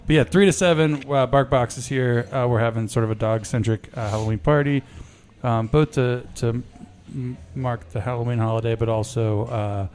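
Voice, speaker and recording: A man's voice: medium pitch, steady tone, normal speed, hardly any pauses, a little mellow. A man co-hosting a brewery podcast, chatting casually and running through upcoming events.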